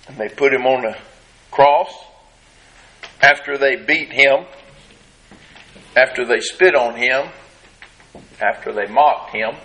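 A man preaching a sermon, retelling a scene dramatically and acting out the crowd's shouts. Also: medium pitch, low-quality recording. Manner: slow, drawn-out delivery with long pauses.

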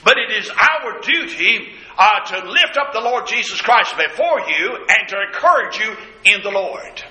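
A man's voice: high voice, expressive, measured pace, pushed and bright. A man preaching a sermon, dramatically acting out the scripture quotes. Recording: echoey church room.

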